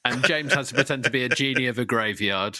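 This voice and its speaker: Wry male podcast guest, bright voice. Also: medium pitch, fast, no room sound, studio quality. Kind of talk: comic podcast chat.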